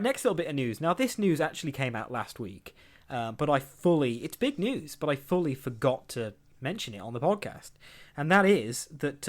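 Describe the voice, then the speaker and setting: A young man hosting a podcast, rambling through entertainment news with lots of laughs and acted-out quotes. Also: on the high side. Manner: rambling, chatty, laughs often, acts out quotes. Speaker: podcast host. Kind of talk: casual chat, reading entertainment news.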